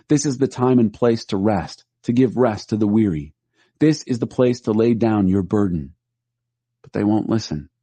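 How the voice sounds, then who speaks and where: A man reading scripture aloud in a steady, measured way. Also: on the low side, no room sound.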